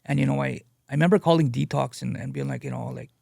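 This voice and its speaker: A man sharing his addiction recovery story as a guest speaker. He talks in a halting, earnest way and leans on "you know" a lot. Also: medium pitch, gravelly, darkish tone, dry recording. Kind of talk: personal testimony, casual storytelling.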